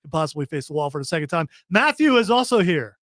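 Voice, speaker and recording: A man's voice: on the high side, big pitch swings, fast talker, a bit bright, no echo, clean studio sound. A man hosting a casual radio chat show, rambling, repeating himself, self-deprecating.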